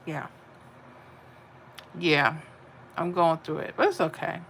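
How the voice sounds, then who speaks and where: Woman host, chatty, bright tone, answers chat on her live stream. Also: sits low, fairly even intonation, slow pace, vocal fry, a little hiss or hum. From Florida. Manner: chatty, reads viewer comments aloud and answers them. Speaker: livestream host reading chat. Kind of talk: casual livestream chat.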